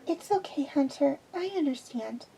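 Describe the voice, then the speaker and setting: A woman's voice: extremely high pitch, expressive, a little slow, mellow, a little hiss or hum, pitched above the performer's own voice, rough recording. A woman voicing a small tearful young girl in a fan fiction reading. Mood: gentle. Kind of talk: fan fiction read aloud.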